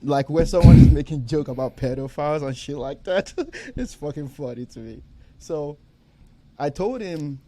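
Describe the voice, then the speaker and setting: A young man chats on a podcast in a fairly high register. He tells stories with animated, stumbling energy, swearing freely and breaking into laughter. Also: normal speed. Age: young adult. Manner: animated storyteller, swears freely, laughs often, repeats himself. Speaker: podcast co-host. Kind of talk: casual podcast chat.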